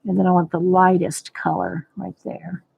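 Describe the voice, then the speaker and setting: On phone-quality sound, a woman with a fairly low, gravelly voice and a breathy edge hosts a casual live coloring demo. She keeps a level tone at normal speed, thinking aloud and greeting viewers by name.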